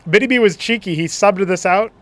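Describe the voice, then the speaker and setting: High and fairly bright, this young man's voice narrates a strategy game match solo. The esports caster is chatty and playful throughout, tossing off quick asides and cracking himself up.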